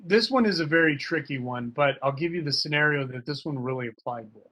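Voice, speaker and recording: Fencing coach guy on a video call, slightly higher voice, talks loose and punchy. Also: expressive, fairly quick, a bit bright. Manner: casual, emphatic, slangy. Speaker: fencing coach and guest speaker. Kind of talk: online workshop talk.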